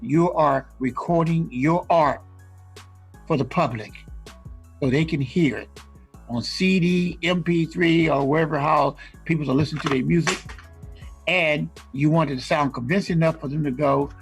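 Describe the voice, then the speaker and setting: A man co-hosting a casual radio show, giving animated advice to recording artists. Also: a little high, moderate pace, faint music behind. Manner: animated, acts out rap lines and ad-libs. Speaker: co-host giving music industry advice.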